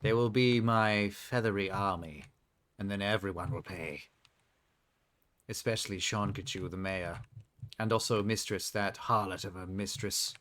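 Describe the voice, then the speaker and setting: A jealous witch plots revenge in a melodramatic villain monologue, as a man puts her on. The voice sits a little low and is played for theatrical menace. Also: fairly even intonation, a little slow, fairly bright tone. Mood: gloating.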